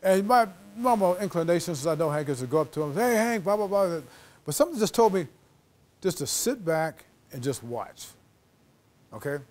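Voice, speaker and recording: A man's voice: fairly high pitch, very animated, a little fast, a little mellow. A middle-aged man giving a storytelling lecture to students as a guest author, acting out quoted dialogue. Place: lecture hall.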